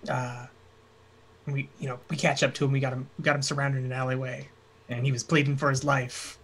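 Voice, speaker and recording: A man's voice: medium pitch, little pitch movement, fairly quick, a bit bright, poor audio. A man in a tabletop role-playing game, speaking in character with a brash, casual storytelling manner. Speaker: player.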